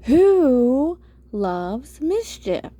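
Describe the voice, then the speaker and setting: A woman's voice: high voice, big pitch swings, normal speed, warm tone, voice pushed up. A woman voicing a curious young boy detective who keeps pressing with demanding questions in a storybook reading. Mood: insistent.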